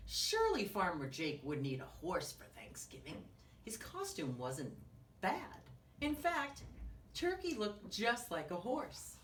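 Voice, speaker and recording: Reading a picture book aloud to young children, a woman teacher asks them questions and drops into whispers. Her medium-pitched voice swoops wildly, and she takes her time. The room is echoey, the mic distant, with a faint hiss.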